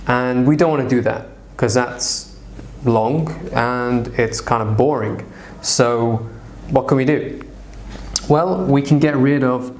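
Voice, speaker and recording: A man teaching English to learners in a clear, patient voice. He walks through example sentences step by step. His pitch sits in an ordinary middle range for a man. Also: darkish tone, a little hiss or hum. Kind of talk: online English lesson.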